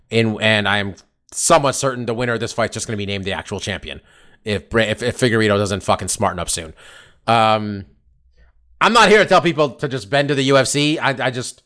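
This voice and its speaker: A man's voice: medium pitch, a bit bright, clean tone. A man hosting a podcast, chatting casually about fights with lots of laughing and some swearing. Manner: laughing, swearing, quick banter. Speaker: podcast host.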